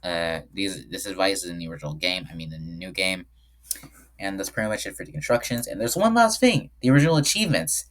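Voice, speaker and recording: A man talks through his own game in a loose, conversational commentary, often stopping to correct himself. His voice sits low but moves a lot in pitch. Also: expressive, fast, a bit bright. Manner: rambling, frequent self-corrections. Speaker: game developer. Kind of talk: casual screen-share commentary.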